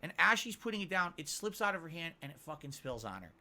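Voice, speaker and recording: Man, earnest rambling storyteller, slightly high bright voice. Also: very animated, fast talker. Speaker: streamer in a played clip. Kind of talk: casual storytelling.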